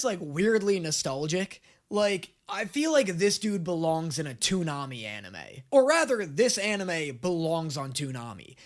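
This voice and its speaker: Jokey young man reacting to anime. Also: sits high. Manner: jokey, crude, excitable. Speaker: reaction video host. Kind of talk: casual anime reaction commentary.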